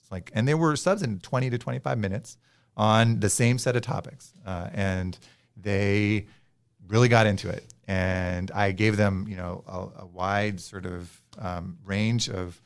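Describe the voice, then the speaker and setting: A male professor being interviewed, his voice a little low. He thinks aloud, stopping to restart phrases and fill gaps with "uh" and "you know." The tone is relaxed and conversational. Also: unhurried, clean tone. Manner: hesitant, with many fillers and restarts. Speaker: professor, guest.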